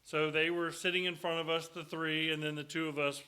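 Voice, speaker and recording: A man's voice: a little high, flat delivery, a little fast, sharp tone. A middle-aged man, a guest preacher giving a sermon full of joking, folksy stories in a church. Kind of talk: sermon with storytelling. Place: church sanctuary.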